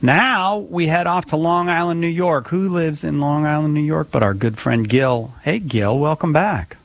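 A man's voice: on the high side, normal speed, vocal fry, no echo. A man hosting a call-in radio show, greeting callers by name in a friendly, jokey way.

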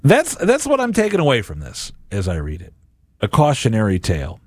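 A man's voice: medium pitch, a little fast, breathy edge, no room sound, clean studio sound. A man hosting a Catholic radio and podcast show, giving a homily-like reflection and acting out imagined voices. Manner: animated, acts out imagined voices.

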